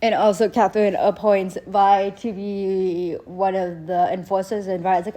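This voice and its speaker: A woman's voice: mid-range voice, level tone, unhurried, hardly any pauses, warm tone. Young woman chatting about a show, rambly, says like constantly, jumps into character lines. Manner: rambling, heavy "like" fillers, acts out characters' lines. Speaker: show reviewer. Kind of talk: casual recap chat.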